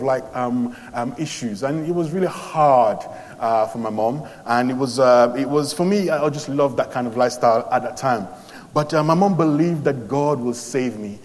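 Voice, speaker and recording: A man from London telling his conversion story as a sermon testimony, animated, with many fillers and restarts. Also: medium pitch, in a large hall. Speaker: preacher giving testimony.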